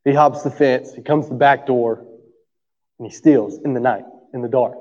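A man's voice: medium pitch, steady tone, normal speed, a little mellow, long reverb tail, muffled recording. A man preaching a sermon. He talks to the room in a conversational way, often checks for agreement, and has an allergy cough. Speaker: pastor.

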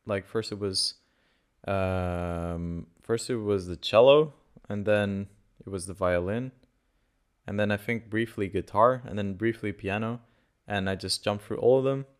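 Rambling man with a lowish voice. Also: a little slow, smooth. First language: Portuguese. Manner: rambling, self-correcting, loose and conversational. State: a bit sick, dry throat. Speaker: podcast host. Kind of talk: casual solo podcast talk.

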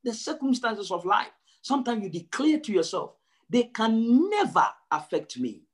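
A male pastor preaching a sermon, emphatic, repeating his phrases and swinging from low and quiet to high and loud. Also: very animated, normal speed, breathy edge. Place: church service.

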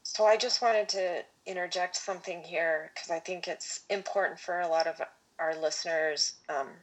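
A woman podcast host speaking in a measured, reflective way, often restarting her phrases. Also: fairly low pitch, fairly even intonation, rough recording. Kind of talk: podcast conversation.

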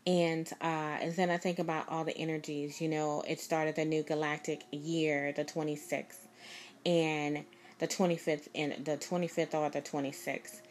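Woman, low voice, casual rambling storyteller, emphatic and repetitive, close mic. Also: level tone, moderate pace, a little mellow, slight background noise. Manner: rambling, emphatic, repeats herself. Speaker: vlogger.

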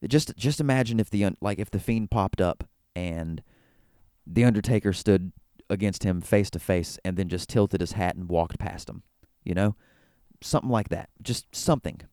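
Recorded cleanly in a studio without echo, a man with a low, slightly mellow voice hosts a solo wrestling talk show. He recaps an event in casual commentary, eager and rambling, restarting himself frequently.

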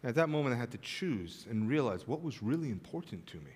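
A man preaching a sermon as pastor, telling a funny home story, then turning soft and earnest. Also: medium pitch, a little fast, husky, in a large hall. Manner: storytelling with humor, swings from animated to soft and earnest. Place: church sanctuary.

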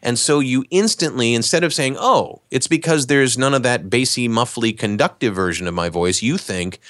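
A man, an actor and voice talent, explaining in a relaxed, conversational way during a podcast interview. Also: medium pitch, moderate pace, no room sound, clean studio sound. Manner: relaxed, explanatory, animated asides.

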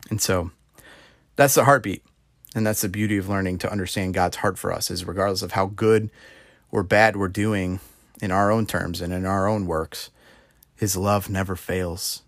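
A man's voice: deep voice, steady tone, moderate pace, gravelly, no room sound, clean studio sound. A young man giving an earnest, conversational devotional talk, often adding "you know" as he explains. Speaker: Christian speaker.

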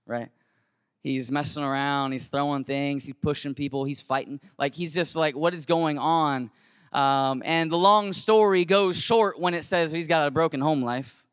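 High, bright-voiced man telling a story. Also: clean tone, no room sound, clean studio sound. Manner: animated and conversational, slangy, with many restarts. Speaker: teacher and camp cabin leader. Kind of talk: storytelling talk to an audience.

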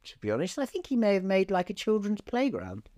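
Rambling man, lively high voice. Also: a little fast. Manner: rambling, deadpan absurd asides, many ums and uhs. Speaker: comedy podcast co-host. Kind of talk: improvised comic chat.

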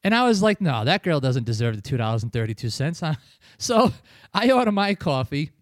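A man hosting a loose podcast, his voice sitting a bit high. He rambles through stories with plenty of swearing and quick laughs. The recording is dry and close, with no room sound. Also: very animated, dry recording. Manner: profane, rambling, chuckles often. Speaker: podcast host. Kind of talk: casual chat, storytelling.

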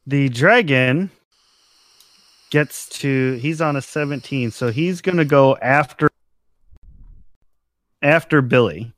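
A man serving as game master, narrating a tabletop game in measured, drawn-out phrases. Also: mid-range voice, fairly bright tone, no echo.

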